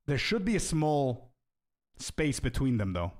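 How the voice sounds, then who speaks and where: A young male streamer talks loosely to his chat in a middle-pitched voice. He breaks into quick laughs and trips over his own restarts. He drops "bro" and "dude" all through his chatter. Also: a little mellow. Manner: laughs often, halting restarts, calls people bro and dude. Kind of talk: casual livestream chat, thanking donors.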